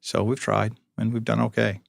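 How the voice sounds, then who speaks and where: Man, middle-aged, low voice, dry humor, rambling anecdotes, dry close recording. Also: level tone, moderate pace, creaky, dry recording. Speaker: police public information officer, guest. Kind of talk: storytelling interview.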